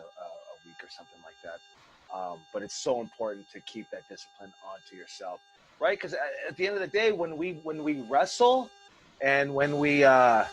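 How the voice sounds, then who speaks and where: Over a video call, a head wrestling coach holds casual online class, his mid-range, fairly bright voice carrying slight background noise. He goes off on passionate tangents and swears without restraint.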